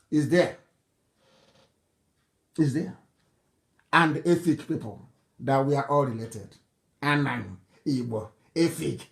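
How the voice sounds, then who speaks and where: A man's voice: high-pitched, a bit bright. Fiery, mocking Nigerian man. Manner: fiery, mocking, scornful, laughs often. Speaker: political broadcaster. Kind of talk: impassioned live broadcast speech.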